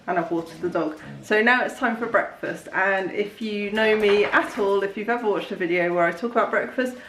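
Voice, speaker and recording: A young woman, chatting casually in a home kitchen while filming a relaxed day-in-the-life vlog, rambling with frequent ums and little laughs. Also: mid-range voice. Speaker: vlogger.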